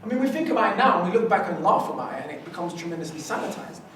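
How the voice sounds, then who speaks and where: A man speaks at a press conference in an animated, lecturing way, now and then acting out voices and rhythms. His voice sits a little high. The room is very echoey, the mic is well away from him, and there is a faint hiss. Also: rapid-fire, far from the mic. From United Kingdom. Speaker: rapper on a festival press panel. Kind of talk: passionate press conference talk.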